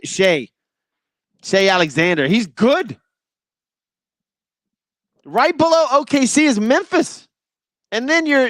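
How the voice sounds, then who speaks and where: A man's voice: high voice, a bit bright, no echo, studio quality. A man hosting a sports talk show, giving a casual, opinionated monologue in a blunt and exasperated way.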